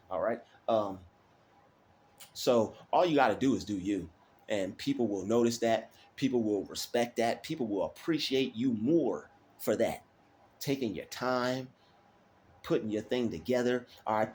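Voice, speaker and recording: A man's voice: mid-range voice, animated, moderate pace, darkish tone, a little hiss or hum. A man giving a loose, repetitive motivational talk in casual streetwise slang, preaching encouragement to his viewers. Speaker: motivational vlogger.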